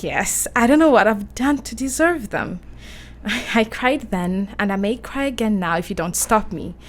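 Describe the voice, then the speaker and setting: A woman's voice: mid-range voice, expressive, normal speed, a little hiss or hum, lightly acted. A woman playing a romantic, emotional young English woman in a radio play, talking in a breathless, girlish way. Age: young adult.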